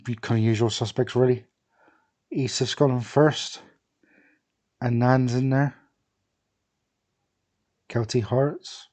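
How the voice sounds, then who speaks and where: A young man talks casually over a football management game, rambling and thinking aloud with plenty of fillers and pauses. His voice is mellow and warm, at an ordinary middle pitch, close to a desk microphone. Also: fairly even intonation. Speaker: gaming video creator.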